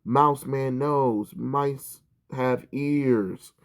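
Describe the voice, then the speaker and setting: A man voicing a creepy male comic-book villain who preaches to his followers in a slow, drawn-out way. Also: medium pitch. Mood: preaching.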